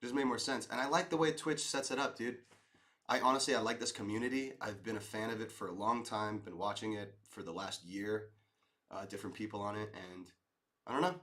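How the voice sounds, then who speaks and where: A man's voice: on the low side, a little fast, fairly bright tone. A man in his thirties streaming live, chatting casually and rambling as he answers viewer comments, often calling people dude and man. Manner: laid-back, rambling, says dude and man.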